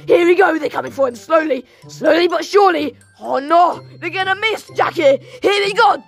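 A woman host giving goofy, shouty Let's Play commentary while playing a game. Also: very high voice, moderate pace, few pauses, faint music behind. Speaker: gaming channel host.

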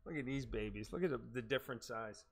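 Fast-talking, a man live-streams a game, hyping viewers with chanted catchphrases. Between the chants he drops low, muttered asides.

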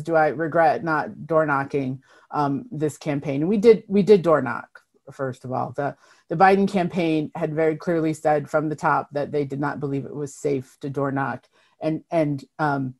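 A woman's voice: sits low, a little mellow. A woman who chairs a state party, answering members' questions on a video call in an earnest, emphatic way, with frequent ums and restarts.

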